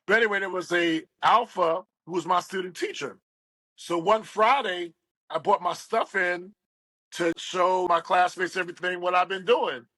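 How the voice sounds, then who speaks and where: A man's voice: sits high, normal speed, no room sound, poor audio. A middle-aged man from West Virginia, a radio DJ, telling stories as a guest and acting out the people he quotes. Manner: animated storyteller, acts out quoted voices. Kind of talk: storytelling interview.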